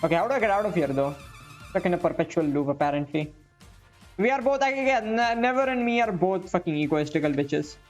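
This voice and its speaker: A man's voice: high-pitched, sing-song, fairly quick, faint music behind. A young man in his twenties telling a rambling, profane, self-mocking story over gameplay. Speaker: gaming streamer.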